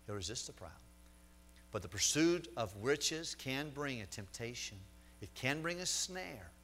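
A middle-aged man preaching a sermon as pastor, emphatic, repeating words and slowing down to stress a point. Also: mid-range voice, a bit bright, slight background noise.

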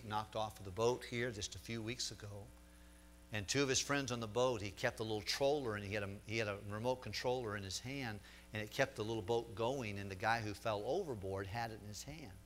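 A middle-aged man preaching a sermon as pastor, emphatic, repeating words and slowing down to stress a point. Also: lowish voice, a bit bright, slight background noise.

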